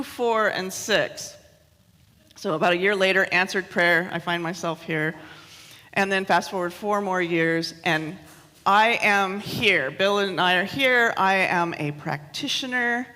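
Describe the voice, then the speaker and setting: Bright-voiced woman giving a chatty sermon. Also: mid-range voice, unhurried, long reverb tail. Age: 30s. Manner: chatty and self-mocking, laughing often. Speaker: minister. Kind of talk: sermon with personal stories. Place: church hall.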